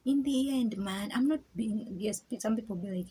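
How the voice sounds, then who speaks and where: A woman's voice: mid-range voice, moderate pace, hardly any pauses, dark tone, slight background noise, poor audio. A woman talking casually and reflectively to her viewers, rambling, stammering, laughing often and dropping into whispers. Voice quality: very breathy, husky. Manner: drops into whispers. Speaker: vlogger.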